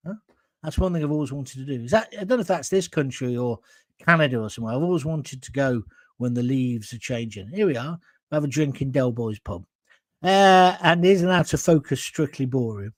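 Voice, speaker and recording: A man's voice: on the high side, no room sound. A man hosting a live talk show, reading out viewer comments in a blunt, combative, rambling way from a green screen studio.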